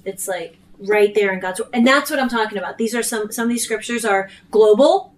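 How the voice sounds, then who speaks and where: A woman leading a casual group Bible study, talking earnestly and quoting scripture with animated emphasis. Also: medium pitch, fairly quick. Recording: distant mic with faint room noise.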